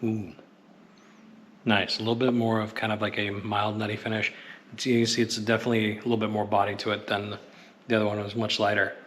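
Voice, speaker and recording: A man's voice: lowish voice, flat delivery, fast, fairly bright tone. A man giving casual, enthusiastic travel vlog commentary as he tastes food and wine out and about. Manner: chatty and enthusiastic, savoring food and wine aloud. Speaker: travel vlogger. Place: outdoors at a busy Christmas market. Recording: outdoor street noise.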